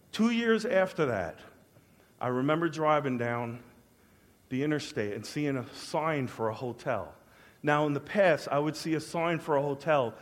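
High-voiced preacher with hall echo. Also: male voice. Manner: dramatic swings from hushed to loud, acts out prayers. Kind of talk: sermon testimony. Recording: long hall reverb.

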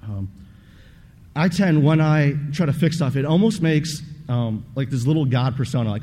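A man's voice: medium pitch, moderate pace, warm tone. A young man giving a casual, earnest testimony about a mission trip, rambling with many fillers. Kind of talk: personal testimony talk. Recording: long reverb of a large room, faint noise.

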